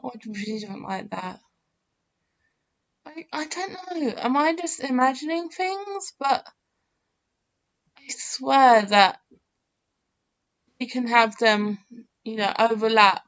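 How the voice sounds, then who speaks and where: Slow, smooth-voiced woman rambling. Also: fairly high pitch, big pitch swings, a bit bright, highs cut off. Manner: chatty, self-mocking, thinks aloud with many fillers. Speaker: game channel host. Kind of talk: rambling gameplay commentary.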